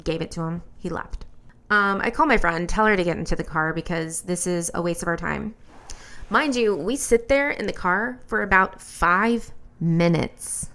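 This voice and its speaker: A woman host telling a personal story as commentary, in an animated, blunt and exasperated way. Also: on the low side, normal speed.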